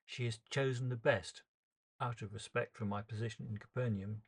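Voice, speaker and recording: A man's voice: mid-range voice, steady tone, moderate pace, husky. A man performing an emotional first-person dramatic monologue as storyteller, earnest and shifting pace with the tension.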